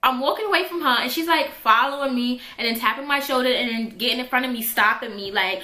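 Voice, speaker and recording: A young woman tells a story from her school days in a bright, forceful voice that sits a little high. She tells it casually and dramatically and acts out every voice in it. The room around her sounds echoey. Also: fast talker, few pauses. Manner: animated, dramatic retelling with quoted voices.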